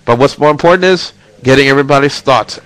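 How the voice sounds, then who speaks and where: Speaking fast in a medium-pitched, slightly bright voice, this male wrestling and video game webcast host sounds congested from a stuffy nose. He's chatty, plugging links and reading the chat in a casual show. The webcam-mic recording is rough, with no room sound.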